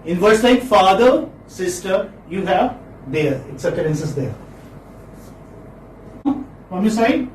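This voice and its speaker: A man lecturing a class on phonetics, repeating words slowly and checking in with students with a questioning "hmm?". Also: high voice, big pitch swings, recorded from a distance. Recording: echoey room, mic from afar, faint noise.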